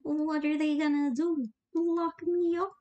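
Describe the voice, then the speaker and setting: A woman's voice: high voice, level tone, a little slow, a little mellow. A young woman animating on a live stream, chatting casually in a bubbly, giggly, slangy way and reading chat aloud. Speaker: animator streaming while drawing.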